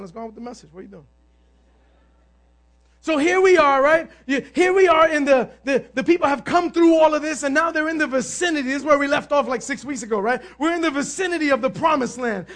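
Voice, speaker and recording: Male pastor with a high, sharp voice. Animated storyteller who shouts for emphasis. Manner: animated storytelling, asks the crowd "amen?", bursts of shouting. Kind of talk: sermon.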